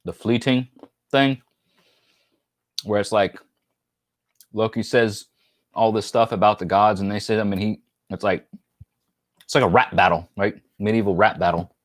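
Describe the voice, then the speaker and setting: A man's voice: on the low side, moderate pace, pauses often, no echo. A man from New York hosting a casual live stream, joking and rambling as he reads viewer comments aloud.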